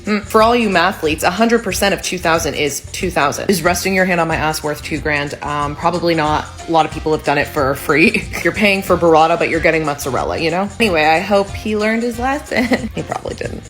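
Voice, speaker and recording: A woman who used to wait tables, telling a story to camera with dry, deadpan humor. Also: lowish voice, a little fast, hardly any pauses, soft background music. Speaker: former server.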